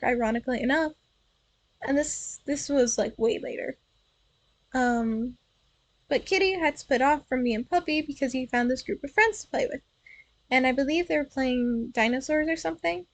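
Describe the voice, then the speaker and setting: Young woman streamer, high voice, casual self-correcting storyteller, dry close sound. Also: no echo, low-quality recording. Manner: chatty, playful, self-correcting. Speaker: virtual streamer telling stories.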